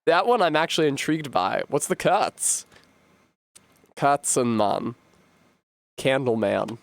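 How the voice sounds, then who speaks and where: A man's voice: a little high, very animated, normal speed, gravelly, dry recording. A man giving live, joking, profane commentary while streaming a game. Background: game music.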